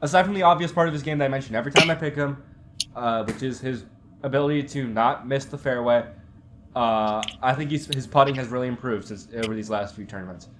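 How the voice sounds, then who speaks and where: A man's voice: medium pitch, noisy background. Analytical young man talking golf picks. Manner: analytical, stat-heavy, with fillers. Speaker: podcast co-host. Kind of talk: casual sports picks chat.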